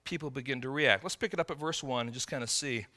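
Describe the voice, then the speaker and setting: Bright-voiced male pastor preaching. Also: medium pitch, fast talker. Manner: teaching with rhetorical questions, frequent restarts. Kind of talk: sermon.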